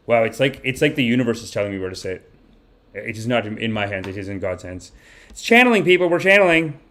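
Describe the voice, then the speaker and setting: Animated, rambling comic man. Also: mid-range voice. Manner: rambling and animated, swears freely, acts out the people in his stories. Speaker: comedy podcast host. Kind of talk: rambling comic monologue on a live stream.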